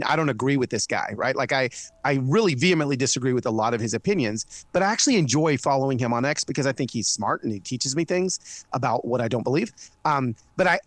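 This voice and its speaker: Animated man telling a story. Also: medium pitch, dry recording. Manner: animated, earnest, many restarts. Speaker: guest. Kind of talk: casual conversational storytelling. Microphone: studio mic.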